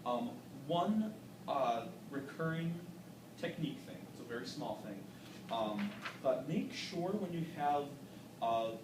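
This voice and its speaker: A man's voice: mid-range voice, lively intonation, slow. A man giving an encouraging, explanatory critique to a singer in a masterclass, with frequent "um"s. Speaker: vocal adjudicator. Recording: echoey room from a distant mic with background noise.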